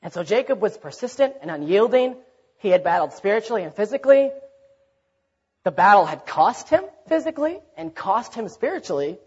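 A man's voice: high-pitched, very animated, brisk, husky. A man preaching a sermon in a conversational way, often repeating words and acting out quoted speech. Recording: dull recording in a reverberant hall.

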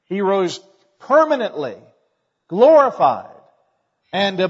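Man, pastor, sermon, husky, fairly high voice, folksy, swells to loud emphatic peaks, long hall echo, dull lo-fi sound.

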